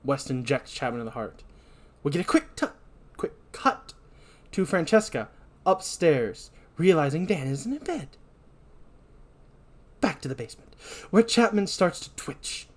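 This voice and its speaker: Animated male podcast host recapping. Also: a little high, a little slow, long pauses. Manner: animated storytelling, self-deprecating asides. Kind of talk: casual movie recap.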